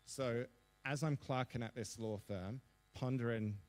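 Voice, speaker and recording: A man in his thirties from Perth with an Australian accent, telling lively, self-deprecating anecdotes as a guest speaker in a seminar interview. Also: mid-range voice, measured pace, a crowd in the background. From Perth, Western Australia. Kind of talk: storytelling interview on a seminar stage. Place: seminar hall before an audience.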